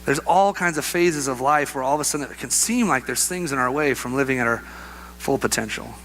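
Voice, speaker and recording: A young adult man preaching a sermon, telling a personal story with lively acted-out voices and laughter. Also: medium pitch, brisk, slight background noise. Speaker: pastor.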